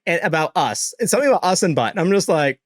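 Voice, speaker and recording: Young man, casual storyteller, laughs a lot, slightly high voice. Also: fast, no echo, studio quality. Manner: animated, laughing often, swearing, acting out quotes. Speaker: streamer. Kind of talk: casual storytelling to a live chat.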